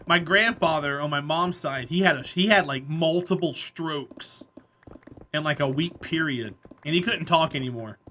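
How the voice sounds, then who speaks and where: A man's voice: fairly high pitch, moderate pace, bright, forceful tone, a little hiss or hum. A man streaming a game, chatting casually with viewers and telling rambling stories, laughing often. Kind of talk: casual chat with viewers while gaming.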